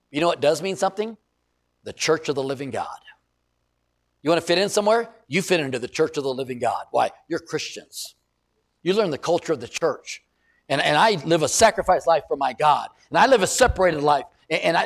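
Middle-aged male pastor, gravelly, slightly high voice, chatty sermon with punchy peaks. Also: animated, brisk. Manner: conversational preaching with rising emphatic bursts.

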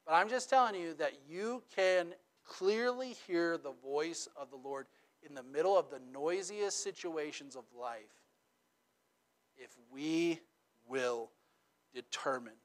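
Middle-aged guy preaching, kinda high voice, super chatty, keeps saying okay and right, goes from loud to really quiet. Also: unhurried. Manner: dynamic, swinging from loud emphatic to quiet and intimate; conversational, checks in with "okay?" and "right?". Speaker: pastor. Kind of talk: sermon.

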